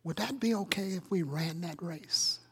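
Pastor guy preaching, kinda high husky voice, chatty with the congregation, big echoey church. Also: moderate pace, fairly bright tone. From Chicago. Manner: conversational preaching, teasing the congregation with questions. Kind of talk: sermon. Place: church sanctuary.

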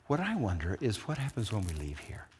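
A man's voice: lowish voice, fairly quick, slight background noise. A man preaching a sermon as pastor, telling stories with energy and quizzing his congregation with questions. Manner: animated storytelling with questions to the congregation. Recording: long church hall reverb.

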